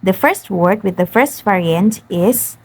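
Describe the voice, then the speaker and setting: A young woman from Indonesia, a university student, narrating a prepared phonetics explanation in a careful, even reading voice. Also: medium pitch, a little slow, slightly rough. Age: young adult. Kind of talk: scripted narration.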